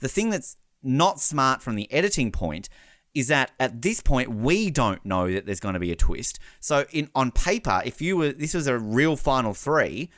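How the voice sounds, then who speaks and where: A man hosting a casual podcast recap, animated, laughing often and mimicking the people he talks about. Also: mid-range voice, normal speed, no echo, clean studio sound. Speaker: podcast host.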